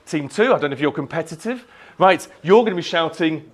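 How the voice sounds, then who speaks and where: Man, motivational speaker, slightly high voice, energetic, playful, live talk. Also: brisk. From Yorkshire, England. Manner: energetic, playful, leads crowd chants. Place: indoor event hall, live audience.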